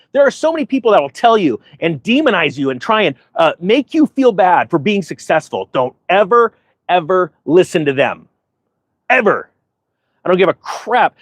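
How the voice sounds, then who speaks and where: Male host, 40s, high voice, repetitive motivational talk, dry recording. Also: no room sound. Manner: animated storytelling with quoted voices. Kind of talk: casual monologue to viewers.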